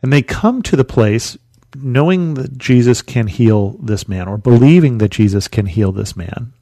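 A man's voice: mid-range voice, lively intonation, measured pace, warm tone, no room sound. A man hosting a podcast, teaching through a Bible story in a conversational, storytelling way with rhetorical questions.

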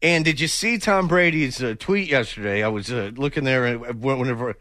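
A man's voice: mid-range voice, moderate pace, bright, forceful tone, no echo. A man co-hosting a casual radio sports chat with joking, rambling banter. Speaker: co-host.

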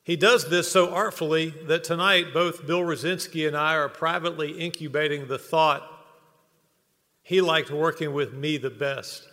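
A man's voice: on the high side, steady tone, moderate pace, pushed and bright. A man giving a humorous tribute speech at a hall of fame induction, telling anecdotes before an earnest close. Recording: long reverb of a banquet hall.

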